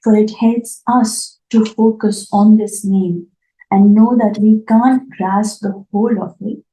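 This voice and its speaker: A woman giving a reflective spiritual talk, emotional and tearful, her voice soft and at times dropping to near whispers. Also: medium pitch, fairly even intonation, takes it slowly, echoey room, poor audio. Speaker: spiritual art therapy host.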